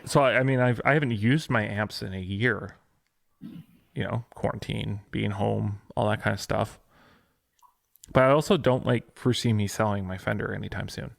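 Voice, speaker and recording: A man's voice: on the low side, moderate pace, vocal fry, no echo, clean studio sound. A man co-hosting a podcast, chatting casually about gear news with lots of fillers and restarts. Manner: hesitant, many fillers and restarts. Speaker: podcast co-host.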